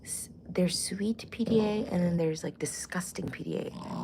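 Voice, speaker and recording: A woman's voice: on the low side, measured pace, in a whisper. A woman in her forties chatting casually and profanely to camera as a vlogger, full of jokey asides. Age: 40s.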